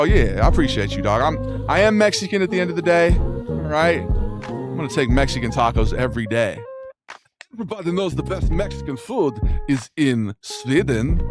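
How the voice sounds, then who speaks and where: A young man live streaming and chatting casually with his viewers, laid-back and slangy, calling everyone bro. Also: a little high. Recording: music playing loudly underneath. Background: game music playing under the voice.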